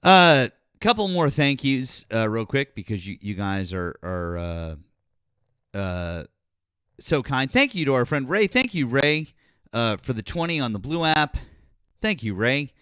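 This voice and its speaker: Smooth-voiced livestream host, profane when riled. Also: male voice, mid-range voice, big pitch swings, unhurried, no room sound, studio quality. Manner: grateful shout-outs, blunt and profane when arguing. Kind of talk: casual livestream chat.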